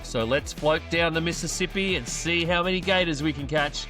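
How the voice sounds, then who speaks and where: A man's voice: on the high side, normal speed, music in the background. An Australian man hosting a casual sports show, upbeat and playfully teasing his co-hosts. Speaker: podcast host.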